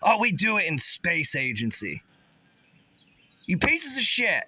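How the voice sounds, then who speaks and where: A man's voice: high-pitched, huge pitch swings, unhurried, bright, forceful tone, slightly rough. A man from the Pittsburgh area, delivering an agitated, sarcastic, profane rant and stumbling over his restarts. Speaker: vlogger.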